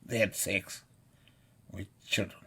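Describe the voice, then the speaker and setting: A man's voice: deep voice, level tone, slow pace, gravelly, bright, forceful tone, slightly rough. A man in an abusive, scornful rant, full of swearing and insults. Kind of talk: ranting monologue.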